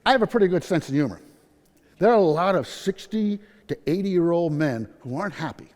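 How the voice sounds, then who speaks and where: Speaking a little fast and expressively, with a fairly high pitch and darkish tone, a sixty-something man shares his own story as a patient speaker at a nursing conference. He keeps it upbeat and funny, acting out quotes, and the hall's long reverb is audible.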